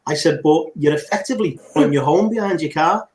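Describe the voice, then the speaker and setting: A man's voice: fairly high pitch, darkish tone. Dry-humoured man in an echoey room. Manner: dry humour, unhurried storytelling. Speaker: guest vlogger. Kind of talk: casual chat as guest on a live stream. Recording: echoey room, faint noise.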